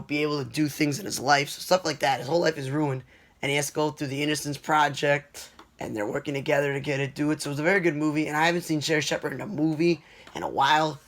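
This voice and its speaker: A man's voice: on the high side, a bit bright. A man giving casual, rambling movie reviews, talking offhand with plenty of fillers and restarts.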